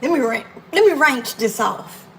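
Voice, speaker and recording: Gravelly playful woman hosting a livestream. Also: sits high, expressive, moderate pace, a little hiss or hum, rough recording. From Miami. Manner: playful, teasing viewers, drawling African American Vernacular speech. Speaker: cooking livestream host. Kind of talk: casual livestream chat. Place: home kitchen.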